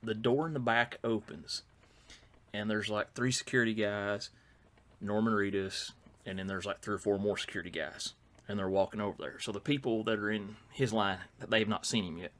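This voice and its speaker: Low-voiced middle-aged man. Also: steady tone, normal speed, a bit bright. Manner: rambling, lots of fillers and restarts. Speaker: podcast co-host. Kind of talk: casual storytelling chat.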